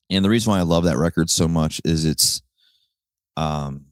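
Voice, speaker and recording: Low-voiced rambling podcast host, a man. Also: a little mellow, no room sound, clean studio sound. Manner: rambling, profane, laughs at his own jokes. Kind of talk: casual solo podcast chat.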